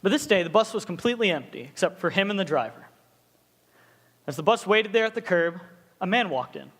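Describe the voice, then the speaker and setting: Young guy youth pastor, high voice, jokey animated sermon, big echoey hall. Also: a little fast. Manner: casual, joking, animated storytelling.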